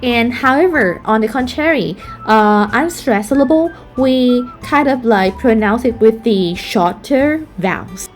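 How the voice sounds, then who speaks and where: A woman's voice: a little high, animated, a little slow, few pauses, soft background music. Chatty woman explaining a lesson. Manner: chatty, filler-heavy, with frequent "like" and "right?" checks. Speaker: teacher.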